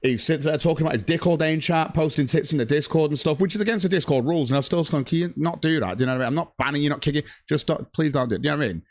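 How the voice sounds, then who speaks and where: A man's voice: fairly high pitch, very fast, hardly any pauses, no room sound, studio quality. A man ranting angrily on his livestream, swearing heavily and reading out chat messages. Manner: profane, heated, reads chat aloud. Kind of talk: angry stream rant.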